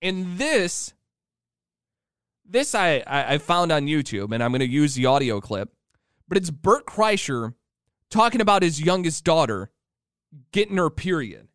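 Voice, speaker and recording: Male host, casual rambling monologue, clear resonant voice, dry close sound. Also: on the high side, sing-song, a little slow, long pauses, fairly bright tone, no echo. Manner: rambling, chatty storytelling. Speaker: show host.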